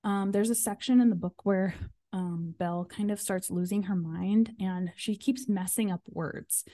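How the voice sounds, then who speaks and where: Chatty woman with a dark, mellow voice. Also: mid-range voice, a little slow. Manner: chatty, full of fillers and "like". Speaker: podcast host. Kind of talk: casual chat.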